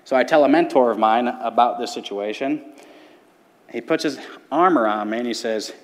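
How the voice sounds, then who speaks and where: A man in his thirties, a youth pastor, telling his personal testimony from a church stage with earnest, paced storytelling. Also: medium pitch. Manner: earnest storytelling with dramatic pauses. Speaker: middle school ministry pastor. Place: church sanctuary. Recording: long church hall reverb.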